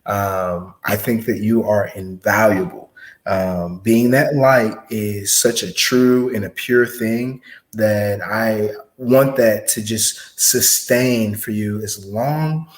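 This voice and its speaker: A man's voice: lowish voice, fairly even intonation, slow. A man hosting a podcast interview, earnest and a bit rambling, with many fillers as he asks questions. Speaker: podcast host. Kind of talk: casual interview. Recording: roomy echo.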